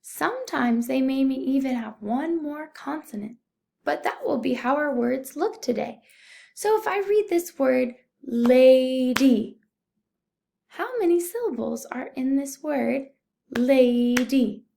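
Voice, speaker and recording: A young woman teacher giving a recorded phonics lesson to young children, speaking slowly and clearly, patient and encouraging. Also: sits high, lively intonation, warm tone, slight background noise. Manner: slow, clear, patient teaching voice, addressing "boys and girls". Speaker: first-grade teacher.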